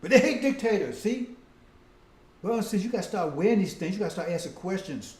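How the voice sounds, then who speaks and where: A man preaches a rambling, repetitive sermon, repeatedly asking "see?" and "right?" and addressing "brothers and sisters." His voice is high for a man yet mellow and dark in tone, with lively intonation and a fairly quick pace, in a roomy, echoing space.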